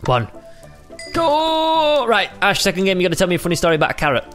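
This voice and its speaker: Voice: medium pitch, a bit bright, faint music behind. A gaming channel host, giving playful, jokey commentary while playing with a friend. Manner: playful, jokey, quick exclamations. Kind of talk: excited casual game commentary.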